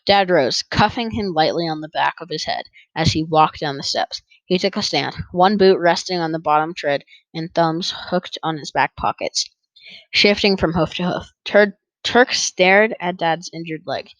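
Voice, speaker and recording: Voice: medium pitch, normal speed, a bit bright, no room sound, rough recording. An audiobook narrator reading a first-person story in an easygoing way, with small stumbles and rereads.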